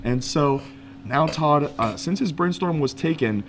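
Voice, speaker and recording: A man's voice: fairly high pitch, expressive, a little slow, a little hiss or hum. A man doing live game commentary, analytical and explaining the strategy step by step. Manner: analytical, with frequent fillers and restarts.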